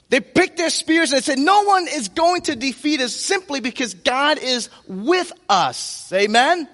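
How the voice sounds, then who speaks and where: A man preaching a sermon with impassioned delivery, slowing down hard on key phrases. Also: very high-pitched, animated, pushed and bright. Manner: impassioned preaching with emphatic slow-downs. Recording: long reverb of a large hall.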